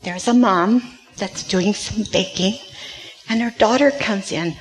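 Slow-speaking woman telling a children's sermon. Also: mid-range voice. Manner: slow, simple storytelling to children. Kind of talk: children's object-lesson sermon.

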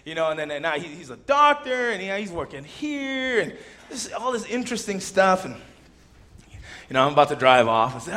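A male preacher telling a story in his sermon and leading a prayer, animated and expressive. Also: sits high, fairly quick.

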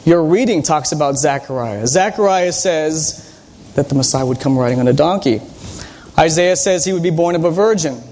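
A man preaching a conversational sermon as a pastor, telling personal stories in a relaxed, hesitant way with frequent ums and restarts. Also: on the high side, moderate pace.

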